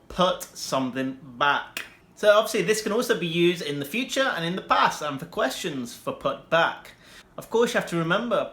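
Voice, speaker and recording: A young man explains vocabulary to learners in a bright, slightly high voice. He slows right down for his example sentences and hurries through the asides. The room around him rings with echo. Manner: slow, deliberate example sentences with bursts of quick asides. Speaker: English teacher.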